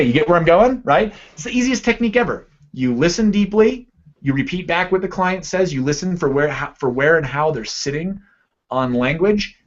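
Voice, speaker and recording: Male coach teaching a live online class; chatty, checks in often, slightly muffled video call sound. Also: fairly high pitch. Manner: conversational teaching, frequent "right?" and "okay". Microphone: computer mic on a video call.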